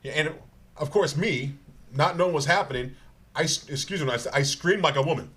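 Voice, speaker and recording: A man telling rambling, animated comic stories on stage as a guest, stumbling over his words and laughing as he goes. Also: on the high side, fairly quick, husky. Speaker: guest comedian. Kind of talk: live comedic storytelling.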